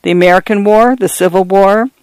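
Eager, prying male singer, quick and raised, voiced by the male narrator; storybook figure. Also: high-pitched, a little mellow, clean tone, no echo, low-quality recording. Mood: pressing. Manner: pushy and questioning. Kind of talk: storybook character voice.

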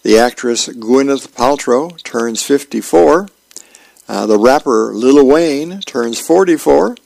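A man with a heavily gravelly voice reads newspaper comics aloud, acting out the characters as he goes. The sound is dry and close, with no room around it. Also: mid-range voice, slow pace, no echo, low-quality recording. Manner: steady reading, acting out the characters. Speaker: radio reader.

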